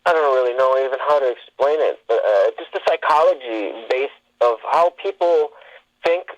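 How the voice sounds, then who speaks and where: A man's voice: medium pitch, normal speed, no echo. Rambling man telling stories, dry and dull sound. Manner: rambling, with many fillers and restarts. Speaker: podcast guest. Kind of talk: casual interview storytelling.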